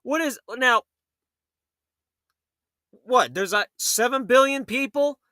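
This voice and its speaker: Male talk radio host, very high and bright voice, heated storyteller who acts out quotes. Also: expressive, slow, no room sound, clean studio sound. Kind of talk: late-night talk radio monologue.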